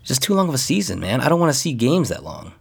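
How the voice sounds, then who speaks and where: A man's voice: mid-range voice, very animated, quick pace, gravelly, breathy edge. A man co-hosting a casual podcast, reading a list aloud and joking and laughing as he goes. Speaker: podcast co-host. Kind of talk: casual chat.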